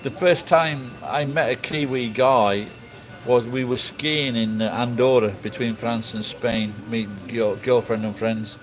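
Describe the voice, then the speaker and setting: A man talking off the cuff to his viewers, swearing freely and restarting his sentences as he goes. His voice sits at an ordinary middle pitch, and music plays clearly behind him. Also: fairly even intonation, unhurried, few pauses, rough recording. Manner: blunt, sweary, rambling with restarts. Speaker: streamer answering chat. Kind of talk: casual chat.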